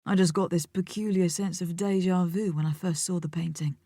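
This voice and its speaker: A woman voicing a suave male gallery owner in an audiobook, speaking slowly and patiently, as if to a child. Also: fairly low pitch, little pitch movement, dark tone, dry recording, clean studio sound. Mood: genial. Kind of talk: audiobook character voice.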